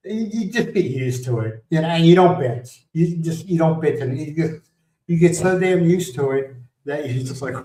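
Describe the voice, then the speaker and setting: A man's voice: medium pitch, animated, unhurried, dark tone, reverberant, far from the mic, poor audio. A man from the United States hosting a livestream, chatting casually, telling rambling stories, laughing and greeting viewers by name. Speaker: livestream host. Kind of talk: casual chat.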